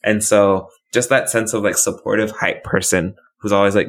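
A man's voice: on the low side, fairly even intonation, normal speed, few pauses. A man co-hosting a podcast, chatting casually and teasing his co-host in an upbeat way. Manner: teasing, upbeat, laughing along. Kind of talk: casual chat.

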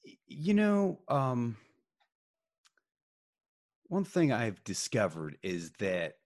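A male marketing consultant, a guest in a casual interview, giving calm, measured advice. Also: lowish voice, no echo, clean studio sound.

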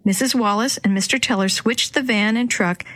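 Female narrator for a kids' storybook, dry close recording, gentle character voices. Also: a little high, moderate pace, dry recording. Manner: reads dialogue with light character voices. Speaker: audiobook narrator. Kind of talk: children's storybook reading.

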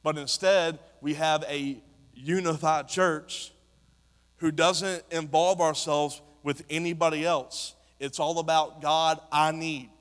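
A man's voice: fairly high pitch, fairly even intonation, slow. Man preaching in a reverberant church. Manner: impassioned, rising to shouts. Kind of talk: sermon. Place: church sanctuary. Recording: long hall reverb.

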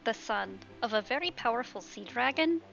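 A woman playing a tabletop role-playing game, speaking softly and slowly. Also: a little high, expressive, creaky, lo-fi sound, over music. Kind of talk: in-character banter.

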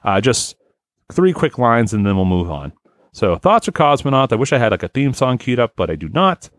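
A man's voice: medium pitch, sing-song, normal speed, no echo, clean studio sound. A man hosting a podcast in casual chat, rambling and swearing freely with lots of fillers. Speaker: podcast host.

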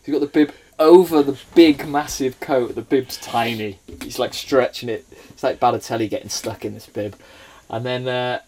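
Welsh man, 30s, podcast guest, casual chat, animated storytelling, laughs often, mid pitch. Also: moderate pace. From Wales. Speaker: guest, former footballer.

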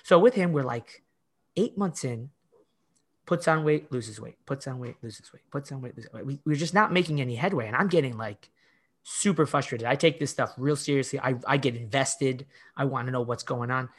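A middle-aged man who coaches fitness talks at a normal speed in a mid-range voice, telling stories during a casual podcast interview. He's emphatic and tends to act out things he said back then. Expect many "like" fillers and false starts.

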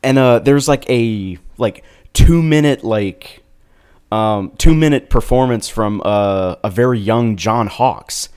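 A man's voice: lowish voice, slow pace, a little mellow, smooth. A man chatting casually about movies as a podcast co-host, rambling with lots of fillers. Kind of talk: casual film chat.

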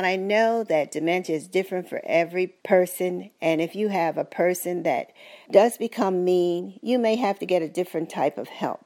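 An older woman giving earnest, gentle, faith-filled advice as the caregiver of her husband, in a personal testimony. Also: fairly low pitch, gravelly.

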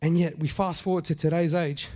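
A middle-aged man delivers a sermon in a raised, light pitch. He talks to the congregation conversationally, stumbling into asides, then drives points home by saying them twice. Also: fairly even intonation, brisk, a little mellow. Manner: conversational preaching, repeats phrases for emphasis, acts out quotes. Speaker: pastor.

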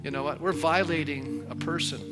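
A man's voice: on the high side, brisk. A man preaching as a pastor, earnest and pleading, repeating phrases as he leads an altar call. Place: church sanctuary. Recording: loud music under the voice. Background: music.

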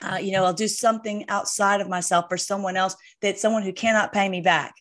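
This is a woman's voice at a middle pitch in relaxed conversation about faith. She speaks haltingly, with frequent fillers, restarts and trailing phrases. The tone is informal and conversational throughout.

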